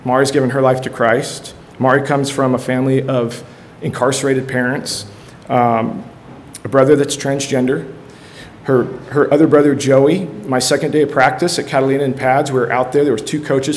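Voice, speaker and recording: A man's voice: mid-range voice, fairly even intonation, fairly quick, slight background noise. Earnest middle-aged man giving church testimony. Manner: earnest, storytelling, acts out quotes with rising energy. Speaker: high school football coach and ministry leader.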